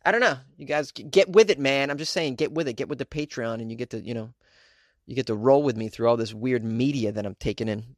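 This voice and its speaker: Male podcast host, mid-pitch, joking and rambling, laughs a lot, dry close-mic sound. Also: fast talker, dry recording. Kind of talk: casual podcast monologue.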